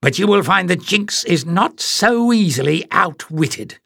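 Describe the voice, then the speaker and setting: A man performs a sly, scheming character who whimpers and wheedles while pretending to be weak, pitching his voice above his natural one in a heavily acted delivery. The voice sits high and sounds gravelly, husky and fairly bright, animated but unhurried, recorded in clean studio sound with no echo.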